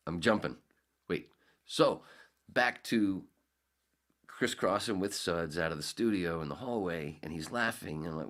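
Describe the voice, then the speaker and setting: A man's voice: extremely low pitch, measured pace, long pauses. A middle-aged man hosting a podcast, telling a long anecdote in a loose, casual way and acting out the quoted lines. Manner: animated anecdote-telling, laughs often, acts out quotes. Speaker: podcast host. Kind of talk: casual storytelling.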